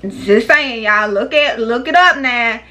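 A woman's voice: a little high, measured pace, bright, forceful tone. A woman running a small business, chatting casually to her viewers, calling them "y'all" and "baby". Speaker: small business owner and vlogger.

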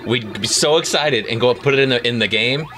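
A man's voice: medium pitch, fairly quick, a little hiss or hum. A man hosting a casual show, chatting and reacting playfully as he plays a retro arcade game. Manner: playful, reacts loudly to the game, laughs often. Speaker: podcast host playing retro games. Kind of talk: casual chat while gaming.

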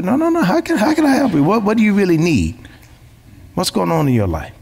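A man delivers a sermon in a gravelly voice that swings up and down with lively pitch. He presses his points through repetition and rhetorical questions. His voice rings out with a long hall reverb. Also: a little fast. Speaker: pastor.

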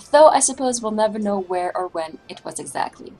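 A woman voicing a pompous gentleman inspector, reading game dialogue aloud in a grand, old-fashioned formal manner. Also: medium pitch, expressive, normal speed, slightly rough, rough recording. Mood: grandiose.

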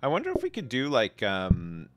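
A middle-aged man, chatting loosely as he streams a game from home. He rambles, jokes and laughs easily, and his voice swings widely in pitch. A little music plays faintly behind him. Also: huge pitch swings, normal speed. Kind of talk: casual chat while gaming.

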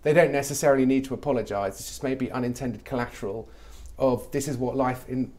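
In a conversational interview, a middle-aged English comedy writer speaks briskly and animatedly in a medium-pitched, slightly mellow voice. He drops into mock voices to quote people.

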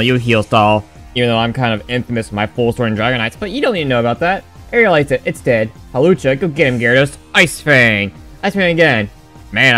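A man's voice: medium pitch, bright, forceful tone. A man giving sarcastic, crude, joking commentary over his game playthrough. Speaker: gaming video creator.

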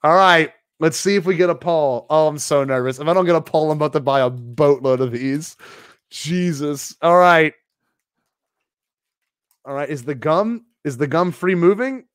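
A young man co-hosting a livestream, opening trading cards with nervous, laughing excitement. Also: a little high, normal speed, smooth, dry recording, clean studio sound. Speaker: podcast co-host.

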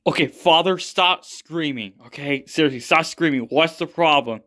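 A man voicing a sarcastic young adult son who stays calm and exasperated. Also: on the high side. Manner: dry, exasperated, quick.

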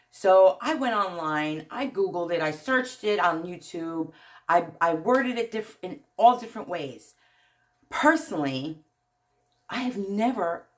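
Excitable gushing woman, New Jersey accent. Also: mid-range voice. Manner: excitable, gushing, laughs often, trails off mid-sentence. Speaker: YouTube channel host. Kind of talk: casual vlog talk to viewers. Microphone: phone.

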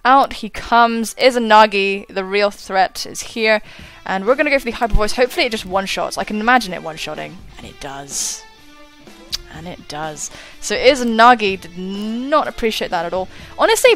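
Woman streamer in her twenties, casual and chatty, average pitch, faint background music. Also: creaky, a bit bright. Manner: chatty, self-mocking, swears and laughs often. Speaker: gaming YouTuber. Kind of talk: casual battle commentary.

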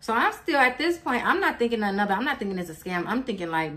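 Woman in her 20s, storytime vlogger: blunt, animated, curses freely. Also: a little high, fast talker. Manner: animated, blunt, swears freely, acts out quotes. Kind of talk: casual storytime.

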